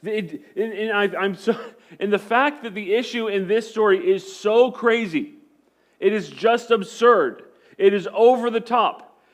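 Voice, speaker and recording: A man's voice: high voice, a little slow. A male pastor preaching in a conversational style, hammering his points home with emphatic repetition. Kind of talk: sermon.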